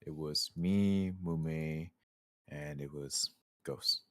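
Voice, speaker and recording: A man's voice: rumbling low, very slow, a bit bright, no echo. A man playing a tabletop game, explaining his character's thinking and sometimes whispering. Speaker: player. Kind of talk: casual tabletop role-play chat.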